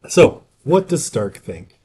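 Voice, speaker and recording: A male lecturer talks to his class in an easy, conversational way. He keeps asking "right?" as he goes and breaks off for joking asides. His voice sits at an ordinary middle pitch for a man. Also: big pitch swings, takes it slowly, darkish tone. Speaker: university lecturer. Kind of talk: casual university lecture.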